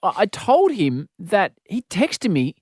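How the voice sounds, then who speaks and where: An Australian man hosting a casual podcast interview, chatty and quick to laugh. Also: sits high, wildly swooping pitch, husky, no room sound, studio quality. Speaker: podcast host.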